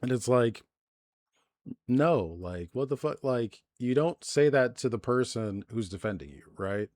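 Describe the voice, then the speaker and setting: A man's voice: mid-range voice, animated, unhurried, darkish tone. A male-sounding streamer ranting through live news commentary, exasperated and heavily profane, in a loose, conversational way with plenty of fillers. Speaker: livestreamer.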